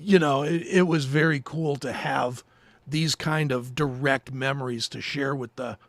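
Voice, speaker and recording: A man co-hosting a podcast, telling a story in casual chat, animated and swearing freely. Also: mid-range voice, unhurried, no room sound. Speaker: podcast co-host.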